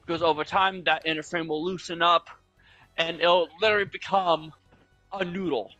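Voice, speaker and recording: Bright high-voiced young man chatting. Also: fairly even intonation, normal speed, dull audio, soft background music. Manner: chatty, explains at length with fillers. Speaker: gaming channel host. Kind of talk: casual chat while gaming.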